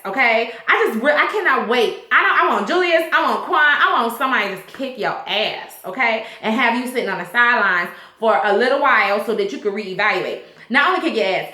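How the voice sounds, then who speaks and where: A chatty woman vlogger with features talks straight to her viewers in a loose, animated way. Her voice sits a little high and sounds bright and forward. The sound carries an echo from the room. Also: brisk. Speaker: YouTube TV recap host. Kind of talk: casual vlog recap.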